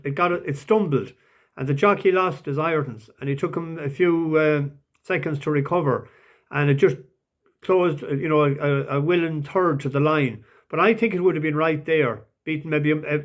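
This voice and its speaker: A man talks through his betting tips in a casual, unscripted way. His voice sits a little high for a man. He hesitates often, with plenty of ums and restarts. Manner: hesitant, many fillers and restarts. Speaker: racing tipster.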